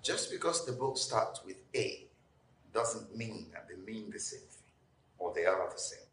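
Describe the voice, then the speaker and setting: A man's voice: fairly low pitch, lively intonation, measured pace, a bit bright, echoey room, slight background noise, rough recording. An actor playing a dismissive husband who dodges his wife's questions. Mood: evasive. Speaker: husband in a short video drama.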